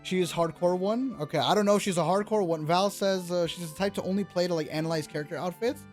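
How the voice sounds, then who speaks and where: Young guy hosting a gaming chat, kinda high voice, rambly, swears a bit, faint music behind. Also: quick pace. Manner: loose and rambling, with restarts and casual swearing. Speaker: gaming YouTuber host. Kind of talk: casual chat.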